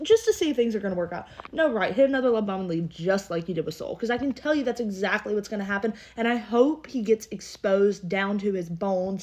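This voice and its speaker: Fast-talking woman recapping a dating show. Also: medium pitch. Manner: fast, opinionated and dramatic. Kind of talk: casual recap vlog.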